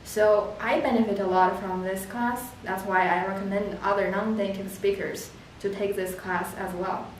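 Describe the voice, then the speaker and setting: A woman with a Chinese accent, a language student speaking carefully and deliberately in an interview testimonial. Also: steady tone. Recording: echoey room, mic at a distance, background rumble.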